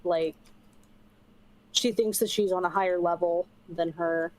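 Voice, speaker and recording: A woman's voice: fairly low pitch, steady tone, unhurried, a little mellow, rough recording. A young woman streamer rambling in casual chat while gaming, swearing offhand and using lots of fillers.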